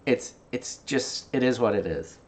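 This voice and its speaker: A man's voice: mid-range voice, animated, a little slow. A man hosting a live podcast, joking about his own setup in a self-mocking way. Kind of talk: casual chat on a live podcast.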